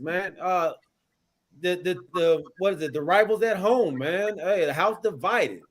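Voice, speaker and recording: A man's voice: high voice, a little slow, slight background noise. A man hosting a casual sports talk show, greeting viewers by name in loose slang. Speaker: host.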